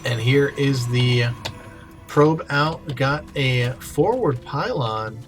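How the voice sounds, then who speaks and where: A man's voice: mid-range voice, animated, slow. A young man hosting a casual game-replay commentary, chatty and playful with jokey asides. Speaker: host, game caster. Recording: faint music behind.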